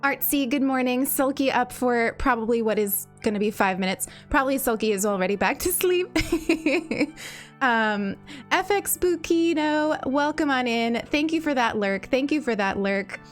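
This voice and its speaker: A woman's voice: high voice, animated, moderate pace, faint music behind. A woman hosting a livestream in casual chat. She greets viewers in a bubbly way, repeats her phrases and laughs often, and has a slight morning cough. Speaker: livestream host.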